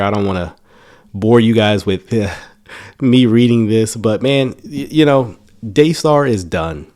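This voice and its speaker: A man's voice: lowish voice, darkish tone. A man reading a news article aloud and commenting on it in a casual, emphatic way, often restarting his words. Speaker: YouTube commentator.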